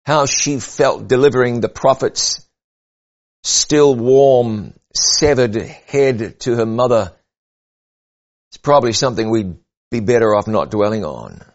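A man preaching a sermon, earnest and measured, rising and falling for emphasis. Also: medium pitch, lo-fi sound.

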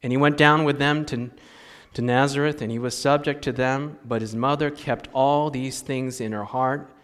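A man's voice: medium pitch, steady tone, moderate pace, a bit bright, clear, resonant tone, long reverb tail. A man preaching a sermon as a pastor, telling a story with animation and acting out the voices of frustrated parents.

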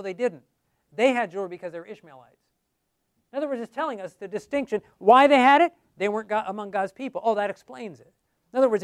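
A man's voice: high-pitched, clear, resonant tone, no room sound, clean studio sound. A middle-aged man speaking as a pastor in a sermon-style Bible study, emphatic and repeating key words for stress. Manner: emphatic, repeats key words, quotes the people in his stories.

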